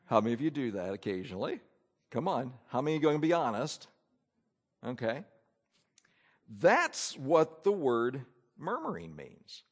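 A man preaching a sermon from an outline, acting out grumbling asides with lively energy. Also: mid-range voice, a little slow, pauses often. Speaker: pastor.

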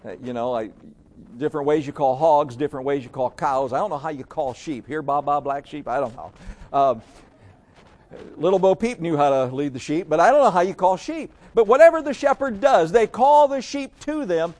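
Folksy preaching man, fairly high voice. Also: lively intonation, normal speed, darkish tone. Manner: folksy, conversational preaching with rhetorical questions. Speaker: pastor. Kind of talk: sermon.

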